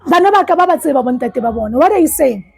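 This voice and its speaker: A South African woman, a life coach, giving an earnest, halting personal testimony in a support session and often repeating herself. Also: high-pitched, lively intonation, gravelly, darkish tone, faint music behind, poor audio.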